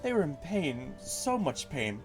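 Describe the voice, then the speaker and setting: A man's voice: on the high side, sing-song, a little slow, soft background music. A man reading the lines of an earnest, tearful, childlike young elf woman from a game. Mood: pleading. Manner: soft, pleading and earnest. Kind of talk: reading game dialogue aloud.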